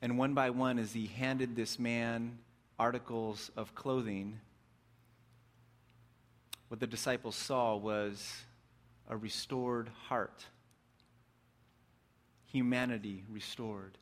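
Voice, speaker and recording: Animated male preacher telling a story. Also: medium pitch, slow pace, long pauses. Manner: vivid, swings between excited bursts and hushed reflection. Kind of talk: dramatic sermon storytelling.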